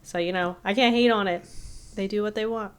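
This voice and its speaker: A woman's voice: mid-range voice, fairly quick. A woman co-hosting a casual podcast chat, acting out the people in her stories. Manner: animated storyteller acting out quotes. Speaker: podcast co-host.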